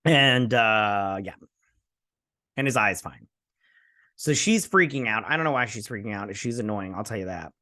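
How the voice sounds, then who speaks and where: A man's voice: fairly low pitch, animated, normal speed, long pauses, sharp tone, no echo, studio quality. A man hosting a TV review channel, recapping an episode in a rambling, sarcastic, casual way full of fillers.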